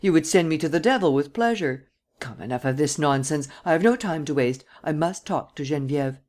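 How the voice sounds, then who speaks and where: A woman reading an audiobook and voicing a male master criminal who speaks calmly, deliberately and with total self-assurance. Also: sits low. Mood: smooth.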